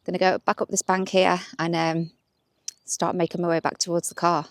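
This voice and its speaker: A woman's voice: fairly low pitch, level tone, normal speed, no room sound, clean studio sound. Chatty young woman vlogging outdoors. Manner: chatty, upbeat, laughs easily. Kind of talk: casual walking vlog to camera. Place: outdoors by a waterside path.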